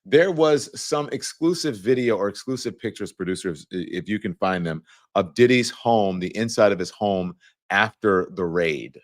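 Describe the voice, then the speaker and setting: A man's voice: lowish voice, animated. A man hosting a talk show, reading a document aloud and adding playful, chatty asides to his viewers. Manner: playful, quick to crack jokes. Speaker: show host. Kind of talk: live news commentary talk show.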